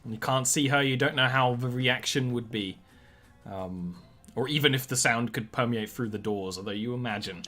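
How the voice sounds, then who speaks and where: A man's voice: mid-range voice, fairly quick, fairly bright tone, faint music behind. A man narrating as game master of a tabletop game, easygoing and loose, with many fillers.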